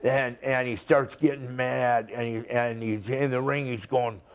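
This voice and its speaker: An older man, a retired wrestler, telling rambling stories in an interview, acting out quotes and swearing freely. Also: mid-range voice. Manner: slow, rambling storytelling with profanity and acted-out quotes. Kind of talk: storytelling shoot interview.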